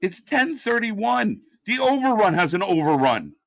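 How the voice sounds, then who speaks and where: A man calls a live wrestling broadcast in a profane, exasperated rant. His voice sits a bit high and swings widely in pitch. The sound is dry and close, with no room around it. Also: very animated, unhurried, vocal fry, fairly bright tone, no room sound. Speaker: live watch-party commentator. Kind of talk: unscripted live commentary.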